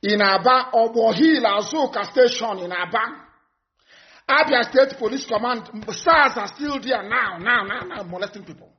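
A man with a notably high voice delivers a live broadcast address. He is stern and repetitive, pressing his warnings home and at times breaking into shouts. The audio is dull and lo-fi. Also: animated, moderate pace. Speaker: activist broadcaster.

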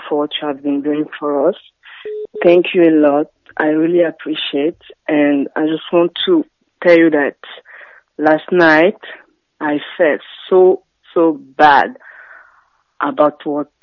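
A woman with a French accent calling into a radio show by phone, speaking softly and hesitantly. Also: sits low, no room sound. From France. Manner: soft-spoken, hesitant, apologetic. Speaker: caller. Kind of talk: radio call-in. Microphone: phone line. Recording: dull phone line.

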